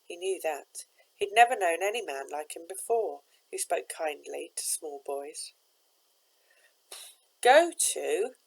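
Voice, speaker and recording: Woman reading a story aloud, low voice. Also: a little slow, breathy edge, low-quality recording. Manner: steady, expressive narration.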